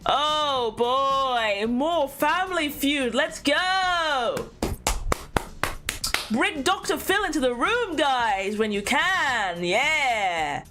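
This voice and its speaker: Brief: young female let's-play host, high-pitched and swooping, jokey and repetitive. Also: very slow, music in the background. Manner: playful, animated, given to repeating herself. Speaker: gaming streamer. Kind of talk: casual let's-play commentary.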